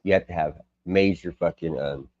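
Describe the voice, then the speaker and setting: Deep-voiced older American man, dull audio. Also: moderate pace, darkish tone, a little hiss or hum. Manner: rambling, profane, self-interrupting. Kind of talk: casual chat on a live stream.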